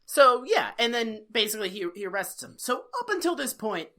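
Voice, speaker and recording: A woman co-hosting a casual podcast, recapping an old TV episode in a profane, animated way and slipping into quick impressions. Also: on the high side. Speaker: podcast co-host.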